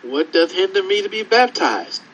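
A man preaching a sermon, slow and conversational, acting out scripture dialogue and drawing answers from the congregation. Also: high-pitched, very animated, a bit bright, muffled recording, slight background noise.

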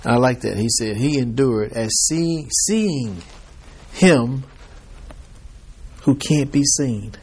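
A man's voice: medium pitch, animated, takes it slowly, pauses often, a little mellow, husky. A man leading a Bible study in a casual, chatty teaching style, laughing often and putting questions to the group.

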